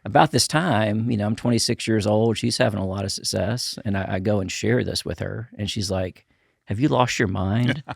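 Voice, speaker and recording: A man guest on a podcast, telling his story in a lively casual way, peppered with "you know" and acting out what others said. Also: on the low side, fairly quick, creaky, few pauses, slightly rough, no room sound, studio quality. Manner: animated storyteller, acts out quotes with filler "you know". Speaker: guest, camp ministry founder.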